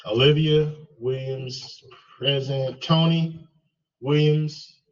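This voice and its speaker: A male math instructor calling roll in class, halting and checking how names are pronounced. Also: mid-range voice, steady tone, distant mic, muffled recording. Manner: slow, halting, checks name pronunciations.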